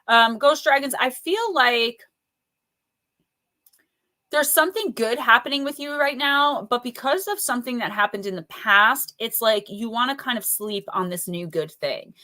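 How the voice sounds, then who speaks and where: A woman's voice: a little high, expressive, normal speed, sharp tone. A woman doing casual oracle card readings on a live stream, chatty and playful, greeting viewers by name. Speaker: livestream oracle card reader.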